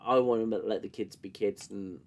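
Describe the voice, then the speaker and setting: In this casual live-stream commentary on a TV show, the host speaks at normal speed in a fairly low, steady, darkish voice. Coughing fits break up his sarcastic, sweary remarks as he reads chat and ridicules scenes.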